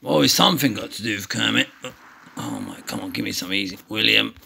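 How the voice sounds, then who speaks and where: A man chatting his way through a mobile game, playful and prone to tangents. His voice is deeply gravelly, with a bright, forceful edge, and sits a little low. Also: wildly swooping pitch, fairly quick, rough recording. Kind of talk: rambling gameplay commentary.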